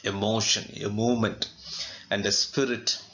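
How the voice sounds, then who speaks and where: A male literature teacher with an Indian English accent, explaining a poem line by line in a slow lecture, asking himself questions and adding fillers. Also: lowish voice, flat delivery, bright, forceful tone, a little hiss or hum. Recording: dull lo-fi recording.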